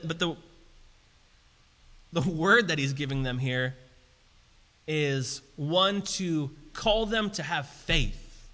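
A man preaching a sermon in a casual, conversational way that turns animated and emphatic. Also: high voice. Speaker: pastor. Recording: reverberant hall.

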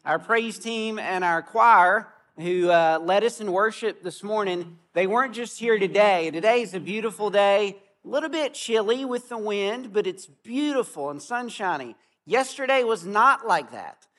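Man, pastor, outdoor sermon, high voice, earnest storytelling, slows for emphasis. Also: animated, fairly bright tone. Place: outdoor gathering.

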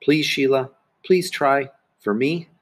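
A man's voice: mid-range voice, takes it slowly. A man reading aloud voices a patient young swim teacher who coaxes and cheers a child on. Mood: coaxing. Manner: coaxing, cheering. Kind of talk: audiobook reading.

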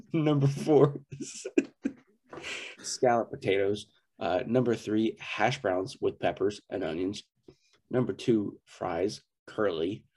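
A man with a low, husky voice who argues his case with mock outrage. He leans into the words, swears, and sounds half-angry about small things. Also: slow pace, a little mellow. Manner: mock-indignant, emphatic, swears. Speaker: podcast co-host. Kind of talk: casual chat.

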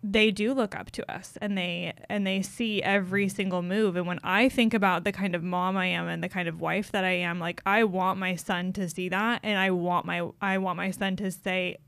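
A woman's voice: on the low side, steady tone, normal speed, creaky, few pauses, a bit bright, dry recording. A young woman co-hosting a podcast, talking candidly and from the heart, with many "like" fillers. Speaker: podcast co-host.

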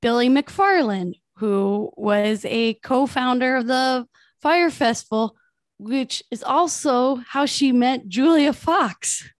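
A woman's voice: sits high, takes it slowly, dry recording, clean studio sound. A young adult woman co-hosting a podcast, telling a story in casual gossipy chat with plenty of swearing. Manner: chatty, swearing, enthusiastic storyteller. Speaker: podcast co-host.

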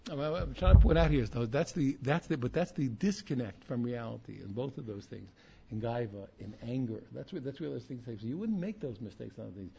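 A man teaching an informal Torah class, animated and repetitive, often asking "you understand?". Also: mid-range voice, brisk, gravelly, husky, lo-fi sound.

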